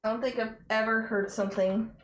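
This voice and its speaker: A woman's voice: fairly high pitch, level tone, brisk, slight background noise. Chatty Southern woman streaming a game. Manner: chatty, giggly, reading dialogue aloud. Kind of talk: casual let's-play commentary.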